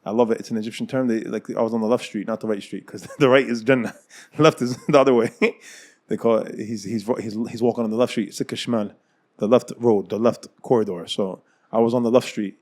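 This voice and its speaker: A man's voice: on the low side, steady tone, darkish tone. A man in his thirties, an Islamic scholar telling his personal story as an interview guest, often repeating and rephrasing his words. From United States. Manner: fast, repeats and rephrases phrases.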